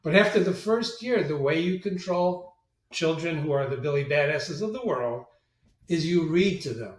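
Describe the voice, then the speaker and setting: A man's voice: a little high, moderate pace. A middle-aged man, a marketing agency president, telling business anecdotes as an interview guest and acting out the voices in them. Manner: animated, acts out quoted voices. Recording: echoey room, distant mic.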